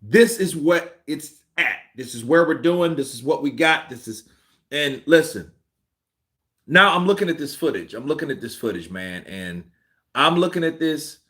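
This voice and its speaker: A male boxing commentator rants live to his chat with a slightly high voice. His tone is bright and animated. He circles back and repeats himself as he thinks aloud. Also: moderate pace. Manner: excitable, repetitive, thinks aloud. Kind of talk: ranting livestream commentary.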